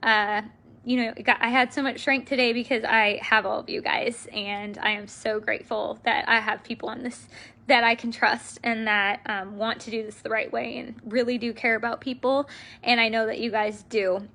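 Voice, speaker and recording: An earnest woman speaks to her sales team on a live video, emotional and full of fillers. Her voice sits a little high and sounds sharp and bright, with a gravelly fry running through it. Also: steady tone, moderate pace.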